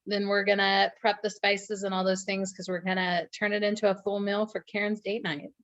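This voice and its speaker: A woman's voice: medium pitch, flat delivery, normal speed, a bit bright. A woman hosting an online cooking social, friendly and filling in viewers who just joined. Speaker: host. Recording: dull lo-fi call audio.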